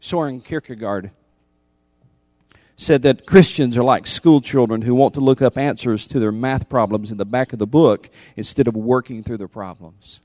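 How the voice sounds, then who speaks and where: A man preaching a sermon as pastor, emphatic, repeating key lines and swinging from loud appeals to hushed intensity. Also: medium pitch, moderate pace, dry recording.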